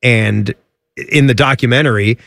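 A man's voice: normal speed, gravelly, no echo, clean studio sound. A man co-hosting a sports radio show in casual, joking chat. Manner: animated, jumps high in pitch when joking.

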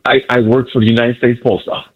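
A male caller phoning a sports radio show, excitedly boasting about his team and repeating himself. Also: medium pitch, fast talker, muffled recording.

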